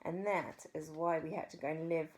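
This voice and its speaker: A woman with a New Zealand accent reading a children's story aloud, expressive with dramatic pauses. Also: deep voice, slight background noise.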